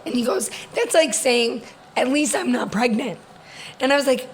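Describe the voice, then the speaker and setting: A young woman co-hosting a podcast with her sister, telling stories in a lively, laughing way. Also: high voice, poor audio. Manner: animated storytelling, quick laughs. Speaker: podcast co-host. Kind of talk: casual sister chat.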